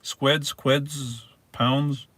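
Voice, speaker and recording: A man's voice: mid-range voice, steady tone, extremely slow, a bit bright, dry recording. A man hosting a casual live stream, reading viewer messages aloud and answering them in a rambling, hesitant way. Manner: rambling and hesitant, restarts words, reads viewer names aloud.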